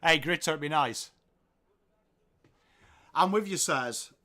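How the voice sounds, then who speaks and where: Slightly high and slow, this English watchalong host talks through a live football match while chatting with viewers in the comments. He's chatty, reads comments out loud, and perks up with excitement at goals.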